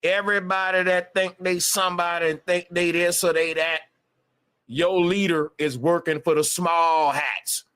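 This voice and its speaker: A man's voice: high voice, fairly even intonation, unhurried, sharp tone, clear, resonant tone. A man on a livestream, ranting emphatically with a lot of profanity and repetition. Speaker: live streamer. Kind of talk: casual livestream rant.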